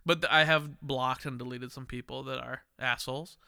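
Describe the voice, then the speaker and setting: A man's voice: mid-range voice, fairly even intonation, moderate pace, vocal fry, bright, forceful tone, clear, resonant tone. A tipsy, tired man hosting a late-night podcast, rambling and emphatic, laughing and cursing. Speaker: podcast host. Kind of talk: casual drunk podcast chat.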